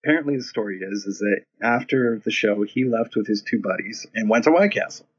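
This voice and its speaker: A man's voice: fairly low pitch, a little fast, husky. A man telling a casual, profane anecdote, acting out the people in it, in a dull lo-fi recording. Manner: profane, animated storytelling with quoted voices.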